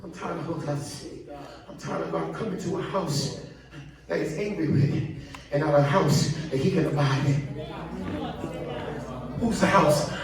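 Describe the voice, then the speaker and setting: A man preaching a sermon in a church, calling out to the congregation and rising to shouts. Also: on the high side, moderate pace, long pauses, a crowd in the background. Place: large church sanctuary. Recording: echoey church, far from mic, congregation.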